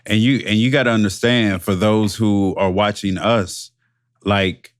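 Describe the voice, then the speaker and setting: A man co-hosting a casual podcast chat on a headset mic, talking in slow, repetitive phrases with many restarts. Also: fairly low pitch, steady tone, no echo, studio quality. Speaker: podcast co-host. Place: home podcast setup, webcam. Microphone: headset microphone.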